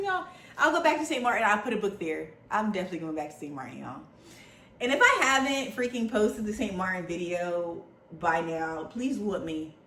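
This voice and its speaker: A woman's voice: on the high side, a little fast. Chatty young woman in an echoey room. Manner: chatty, animated, says y'all a lot. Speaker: book vlogger. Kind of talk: casual chat. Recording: echoey room, faint background hum.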